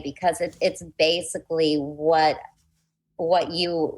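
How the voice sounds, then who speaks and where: A woman life coach speaks earnestly in casual conversation, chatty and full of faith, often restarting her sentences. Her voice sits low and the recording is rough.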